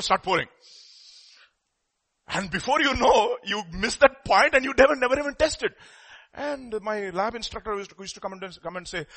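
Animated male preacher. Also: sits high, brisk. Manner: animated, acts out quoted voices, repeats words. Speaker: pastor. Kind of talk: sermon.

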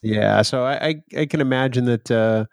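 A man's voice: medium pitch, moderate pace, gravelly, no echo, clean studio sound. Teasing male podcast co-host. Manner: teasing, laughs often. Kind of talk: casual podcast chat.

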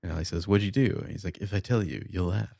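A man's voice: deep voice, fast talker, vocal fry, no echo, studio quality. A man co-hosting a podcast, recapping a TV episode in a sardonic, profane casual chat. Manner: sardonic, profane, reads quoted dialogue flatly.

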